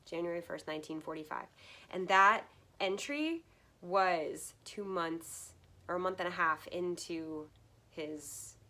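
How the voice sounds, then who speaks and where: Woman, lower voice, casual book review vlog, earnest, heartfelt, laughs between thoughts. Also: slow, sharp tone.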